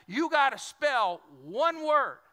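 Brief: man voicing easygoing Cajun joke character, nervous, very bright tone. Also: very high-pitched, sing-song, slow pace, in a large hall, pitched above the performer's own voice, full character voice. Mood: folksy.

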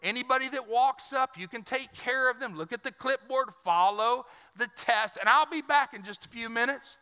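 A man's voice: extremely high pitch, normal speed, bright, forceful tone, smooth. A man voicing a patient gatekeeper saint with a clipboard, heard with long reverb.

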